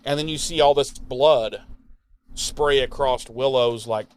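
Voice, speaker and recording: A podcast co-host with a smooth, medium-pitched voice casually recaps a TV episode, rambling and swearing as he goes. Now and then he briefly imitates the characters in quick mock voices.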